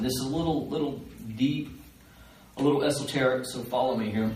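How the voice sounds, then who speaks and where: A man teaching a live seminar, animated, acting out the voices of the people in his stories. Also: mid-range voice, slight background noise. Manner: animated, acts out quoted voices. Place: fellowship hall, live. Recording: roomy live recording from far off.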